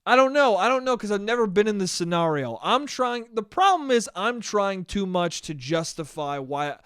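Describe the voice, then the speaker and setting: A man's voice: sits high, big pitch swings, normal speed, a bit bright, clear, resonant tone, no echo, studio quality. A young man hosting a solo podcast, ranting in a profane, self-mocking way and acting out the voices in his head. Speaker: podcast host. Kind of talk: solo comedic monologue.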